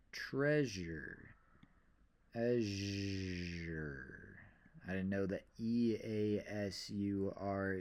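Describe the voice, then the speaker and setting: Young male student presenter, lowish voice, dry humor. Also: darkish tone. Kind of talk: class presentation.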